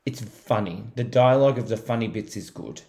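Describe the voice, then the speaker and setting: Man, low voice, podcast co-host listing movie facts in easy chat. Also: fairly quick, darkish tone. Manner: reads out facts, quotes lines in put-on voices. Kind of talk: casual movie review chat.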